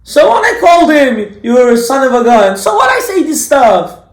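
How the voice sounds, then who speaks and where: A man voicing an indignant man who shrugs off his own insults, shouting in high, mocking outrage. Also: big pitch swings, normal speed, heavily acted. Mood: mocking indignation. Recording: echoey room.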